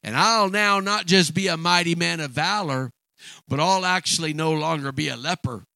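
A man's voice: fairly high pitch, moderate pace, vocal fry, bright, forceful tone, dry recording. A man voicing a proud foreign army commander who is blustering and indignant, in a retold story. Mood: self-important.

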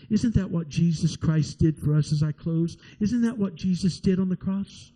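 A man's voice: on the high side, moderate pace, few pauses, mellow, low-quality recording. A middle-aged man preaching a sermon, retelling a story with emotional, rising and falling delivery and frequent repetitions.

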